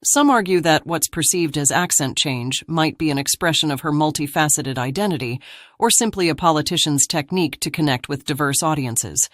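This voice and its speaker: Woman narrator, low voice, dry close mic, measured scripted read. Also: lively intonation, no echo.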